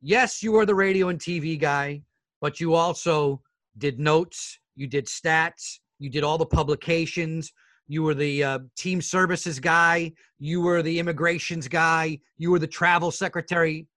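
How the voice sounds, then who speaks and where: A middle-aged man, a guest sports broadcaster, telling animated stories in a casual interview and acting out the people in them. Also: fairly high pitch, measured pace, dry recording. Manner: animated storyteller who acts out the other people in his stories; addresses the hosts as fellas.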